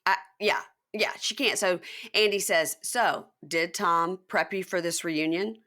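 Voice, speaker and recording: A woman hosting a podcast, recapping a reality show in casual chat and acting out quotes with big jumps in her voice. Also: unhurried. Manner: animated, acts out quotes with big pitch jumps. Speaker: podcast host.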